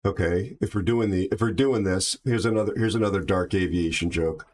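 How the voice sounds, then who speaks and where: Guy with a really low voice just chatting on his stream, cracking jokes. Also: fairly quick, darkish tone, a little hiss or hum. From aviation background. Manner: chatty, tells jokes, reads chat aloud. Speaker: livestream host. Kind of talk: casual livestream chat.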